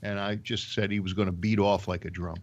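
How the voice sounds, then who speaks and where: A man with a New York accent chatting on a panel, halting and full of fillers. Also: fairly low pitch, level tone. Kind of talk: casual panel chat. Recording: dull lo-fi sound.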